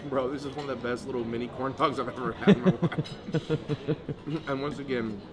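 A chatty, upbeat man vlogging in a casual way from a hotel breakfast buffet, sprinkling in "bro" and "like." His voice sits at an ordinary middle pitch, with busy crowd chatter clearly heard behind him. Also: fairly even intonation, normal speed. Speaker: vlog host. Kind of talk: casual vlog chat. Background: loud crowd chatter.

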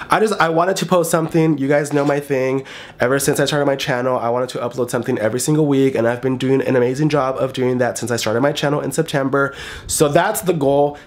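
A man in his twenties, sick with a congested cold, chatting animatedly at home in a casual vlog and swearing freely. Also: medium pitch. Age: 20s. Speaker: YouTuber.

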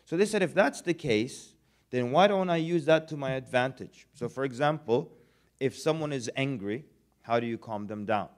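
A man delivering a relaxed, humorous religious lecture to students, chatting conversationally and acting out little everyday scenes. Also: medium pitch, moderate pace. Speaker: Islamic lecturer.

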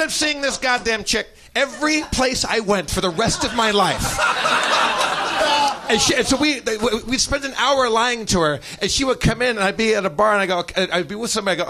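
A man on a live comedy podcast telling a funny personal story, animated and acting out the people in it. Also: high-pitched, brisk, background noise. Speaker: comedian, show regular. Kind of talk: comic storytelling. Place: live show stage.

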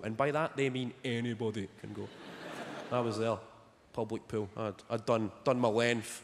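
A man's voice: mid-range voice, a little hiss or hum. A young man doing stand-up comedy on stage, with dry, sardonic storytelling. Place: theatre stage before a live audience. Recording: large hall with loud audience laughter.

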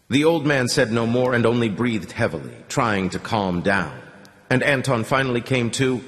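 A man narrating an audiobook in a dramatic, expressive reading style. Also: mid-range voice, normal speed. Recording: long reverb on the voice.

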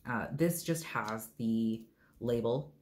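A man's voice: medium pitch, slow pace. A man casually reviewing his favorite bath products, rambling with many ums and uhs and tossing in joking asides. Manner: laid-back, joking asides.

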